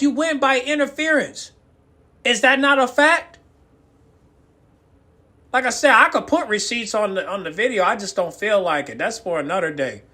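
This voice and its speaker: A man with a very high voice delivers a fired-up reaction rant to his viewers. His tone is bright and sharp, and he lectures insistently, chanting the same short words again and again to drive his point home. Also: moderate pace. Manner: emphatic, repetitive, chanting words over and over. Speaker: YouTube reaction commentator. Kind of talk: ranting reaction commentary.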